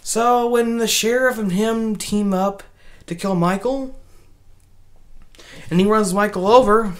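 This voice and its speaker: A woman giving a casual spoken movie review, rambling and animated, with many restarts. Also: medium pitch, slow pace, long pauses.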